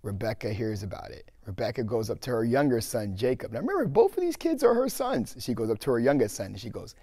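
A man's voice: mid-range voice, very animated, fast talker, hardly any pauses, mellow, dry recording, clean studio sound. A young man hosting a video and casually retelling an old story in a slangy, joking way. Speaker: video host.

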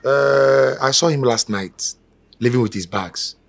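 A man's voice: mid-range voice, measured pace, lightly acted. A man playing a timid, deferential young house servant who talks hesitantly and stammers. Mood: meek.

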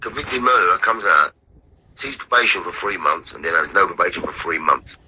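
A man's voice: sits low, brisk, bright, forceful tone, husky, low-quality recording. A man on a call from his bed, talking bluntly and repeating himself. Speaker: caller on a live stream. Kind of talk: casual chat. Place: at home in bed.

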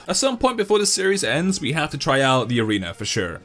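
An excitable young man commentating on a mobile game in a lively voice that leaps up high and loud when he gets worked up. He sits a little higher than most men, and faint music plays behind him. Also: fast talker. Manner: excitable, swings into loud high-pitched outbursts. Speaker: gaming YouTuber. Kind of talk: casual gameplay commentary.

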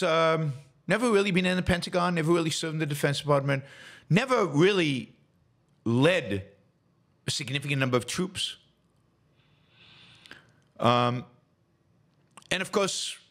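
A man's voice: fairly high pitch, fairly bright tone. A middle-aged man hosting a solo political commentary show, talking scornfully with many restarts and fillers.

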